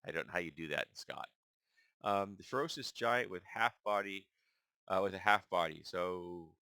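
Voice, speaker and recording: A man hosting his own channel, casually reading through a list and thinking aloud, halting and stumbling over unfamiliar names. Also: lowish voice, sharp tone, no echo. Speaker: channel host.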